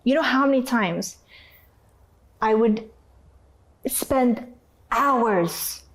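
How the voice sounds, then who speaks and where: A woman from North Africa, an interview guest, telling her story in a candid, emotional and animated way. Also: a little high, extremely slow.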